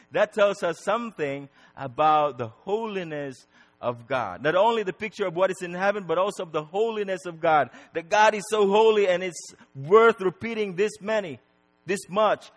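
A man preaching a sermon, repeating words for emphasis and swinging between loud and soft. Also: high-pitched, moderate pace, long reverb tail.

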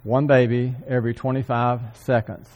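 A man preaching a sermon, earnestly repeating key phrases for emphasis and often clearing his throat. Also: medium pitch, level tone, normal speed, highs cut off. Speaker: church speaker. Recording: long hall reverb.

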